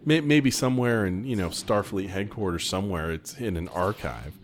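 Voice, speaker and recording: A man co-hosting a casual film commentary, chatty and quick to laugh, with excited asides. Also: lowish voice, a little hiss or hum.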